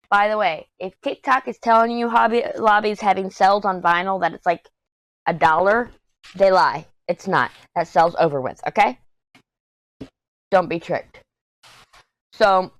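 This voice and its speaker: A Texan woman rambles and tells stories in casual chat while diamond painting for her craft vlog. Her voice is mid-range and the recording is dry.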